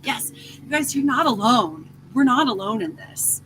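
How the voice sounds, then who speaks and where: High-voiced animated woman host. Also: measured pace, over music. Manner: animated, swears, acts out inner voices. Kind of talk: casual spiritual talk.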